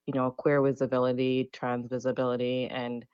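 A woman from Canada, a DJ and musician guest, speaking reflectively on a radio interview with many pauses and fillers. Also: rumbling low, little pitch movement, clean tone, no echo, dull audio.

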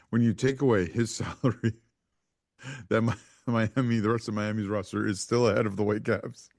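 A man with a very low voice, co-hosting a sports podcast in a dry, close-sounding recording. He talks in an easygoing, halting way and often restarts mid-sentence as he works out his thoughts. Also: fairly even intonation, a little mellow, no echo. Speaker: podcast co-host. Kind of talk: casual sports chat.

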